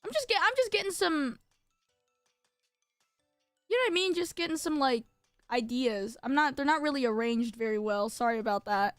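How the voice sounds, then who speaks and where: Young woman streamer, high bright voice, dry close mic, bubbly rambling chat. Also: lively intonation, moderate pace, long pauses, no room sound, faint music behind. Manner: bubbly, lots of filler words, jumps between topics. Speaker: VTuber streamer. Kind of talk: casual live-stream chat.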